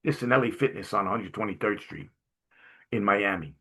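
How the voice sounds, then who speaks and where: A middle-aged man from Brooklyn, a jovial, animated guest speaker telling stories to a class and often clearing his throat. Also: on the low side, a little fast. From Brooklyn, New York. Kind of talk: storytelling talk to a class.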